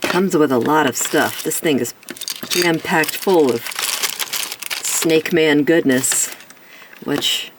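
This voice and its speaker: A toy reviewer chatting through a casual action figure review while sick, with a rough voice and self-deprecating jokes. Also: medium pitch, slow, long pauses, recorded from a distance, noisy background.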